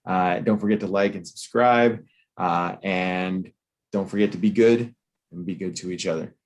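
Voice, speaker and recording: Playful lower-voiced man hosting a chat. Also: steady tone. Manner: playful showman, drawn-out announcer build-ups. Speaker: co-host. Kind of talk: casual review chat.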